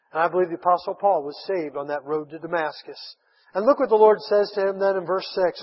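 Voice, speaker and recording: A man preaching a sermon, retelling a Bible story with lively acted-out voices. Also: high voice, fairly quick, breathy edge. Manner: animated storytelling, acts out voices of Bible figures. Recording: dull sound with long hall reverb.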